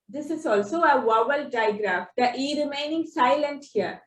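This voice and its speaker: A woman teaching phonics, explaining spelling rules slowly and sounding out example words one by one. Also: high-pitched, lively intonation. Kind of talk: slow instructional explanation. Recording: echoey room, distant from the mic.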